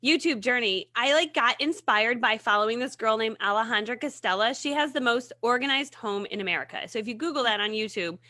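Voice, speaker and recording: Bright, animated woman telling stories. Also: on the high side, brisk, hardly any pauses, no echo, clean studio sound. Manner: animated storyteller, laughs often. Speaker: guest, video marketing coach. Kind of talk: casual chat.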